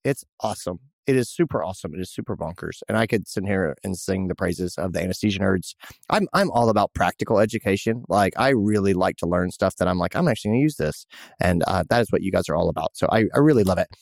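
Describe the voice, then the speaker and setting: A man's voice: deep voice, fast, creaky, no echo, clean studio sound. A man hosting a podcast, chatting casually and joking with an old friend, with lots of restarts. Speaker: podcast host.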